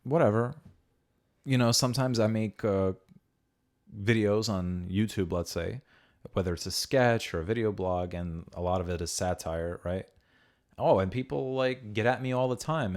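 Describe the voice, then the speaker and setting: A young man with a very low voice hosts a casual podcast. He rambles through stories, swears freely and acts out what other people said. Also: normal speed, a little mellow. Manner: rambling storyteller, swearing, acting out quotes. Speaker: podcast host.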